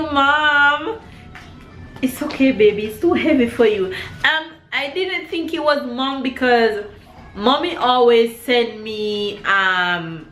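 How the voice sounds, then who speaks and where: A woman vlogs at home into a handheld camera, chatty and excitable, rambling through her story. Her voice sits a little high, and the room gives it a clear echo with faint noise underneath. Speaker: vlogger, mother. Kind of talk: casual vlog storytelling. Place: at home, indoors.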